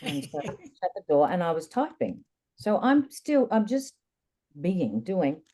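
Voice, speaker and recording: A woman guest in an interview, candidly recounting a personal experience in a reflective, lively way. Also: lowish voice, measured pace. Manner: candid, reflective, animated retelling. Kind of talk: personal storytelling in conversation.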